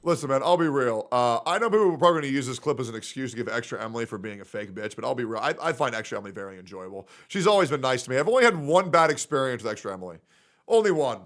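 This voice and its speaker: A man streaming live, ranting loudly and profanely, swinging between shouts and low mutters. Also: animated, very fast. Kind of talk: ranting casual chat.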